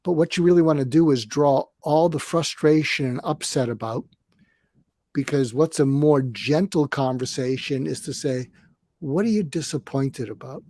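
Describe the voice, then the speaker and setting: A man in his seventies, a retired psychiatrist, calmly explaining conflict techniques on a podcast and acting out example dialogues. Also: a little high, normal speed, dry recording, studio quality. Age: 70s. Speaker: guest psychiatrist and coach. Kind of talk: conversational advice on a podcast.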